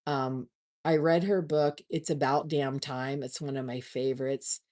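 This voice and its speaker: Low, slow-talking woman hosting a livestream. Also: fairly even intonation, a little mellow. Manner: chatty, gushing, restarts often. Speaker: livestream host. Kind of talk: casual livestream chat.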